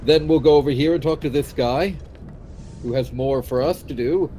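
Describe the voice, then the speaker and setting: A man's voice: fairly high pitch, normal speed, warm tone, slight background noise. A man hosting a co-op let's play, chatting casually and sardonically while he plays, with casual swearing. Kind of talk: casual gameplay chat.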